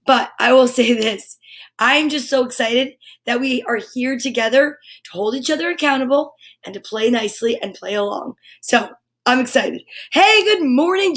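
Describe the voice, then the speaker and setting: A woman's voice: fairly high pitch, fairly bright tone. A woman hosting a morning livestream, upbeat and chatty, greeting viewers by name and exclaiming often. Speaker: livestream host.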